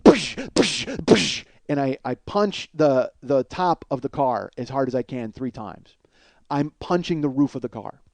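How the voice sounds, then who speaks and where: A man in his forties, a comedian host, telling a long story in a blunt, profane, animated way. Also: medium pitch, moderate pace, dry recording. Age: 40s.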